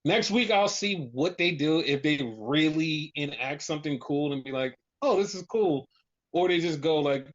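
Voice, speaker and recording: A podcast co-host with a voice on the high side speaks at normal speed in casual, rambling chat. He swears, says "like" constantly and acts out what other people would say, all on a dull lo-fi recording.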